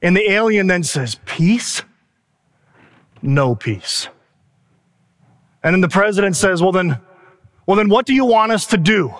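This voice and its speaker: A pastor giving a sermon, telling a story in an animated way with asides and quick laughs. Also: male voice, high voice, big-room sound.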